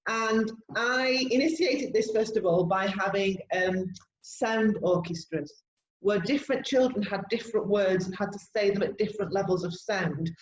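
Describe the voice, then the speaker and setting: A woman co-hosting a podcast, explaining classroom teaching ideas in a steady, encouraging way. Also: mid-range voice, normal speed. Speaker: podcast co-host, language teacher. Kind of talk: casual podcast discussion. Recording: echoey room, dull sound, faint noise.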